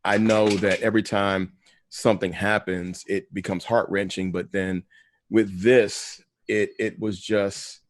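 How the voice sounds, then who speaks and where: A man who is a pastor, speaking in a measured, emphatic way in an earnest conversation and often repeating words. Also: on the low side, little pitch movement, dry recording, clean studio sound.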